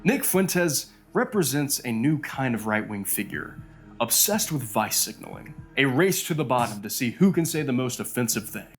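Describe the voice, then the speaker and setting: A man's voice: medium pitch, very animated, moderate pace, soft background music. A man narrating a documentary, sardonic and critical. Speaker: video narrator.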